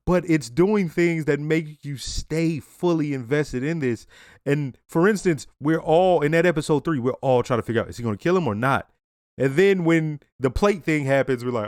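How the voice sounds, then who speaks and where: A man's voice: fairly high pitch, animated, normal speed, no echo, clean studio sound. A man hosting a reaction video, giving casual commentary with blunt swearing and frequent laughs.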